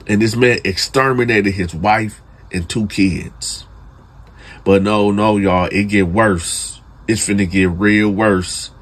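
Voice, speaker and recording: A man telling a true prison story in casual, slangy talk, speaking straight to his listeners and building suspense. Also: lowish voice. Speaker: storyteller host.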